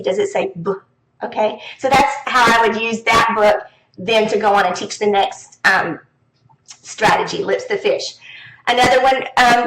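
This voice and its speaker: A woman with a high voice talks other teachers through classroom reading activities. She speaks casually and brightly, often lifting into a sing-song voice as if talking to young pupils. The sound is roomy and echoey. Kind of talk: casual instructional talk. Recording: echoey room.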